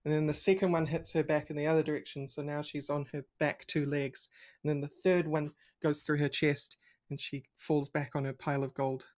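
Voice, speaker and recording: A player in a tabletop game, narrating a character's actions in an animated way. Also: medium pitch, brisk. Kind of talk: casual tabletop play, narrating own character.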